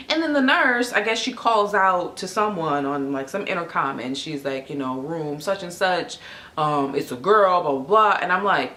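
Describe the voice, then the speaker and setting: A young adult woman telling a story in a casual vlog, chatty and animated, with lots of fillers. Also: low voice, normal speed. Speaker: vlogger. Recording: echoey room.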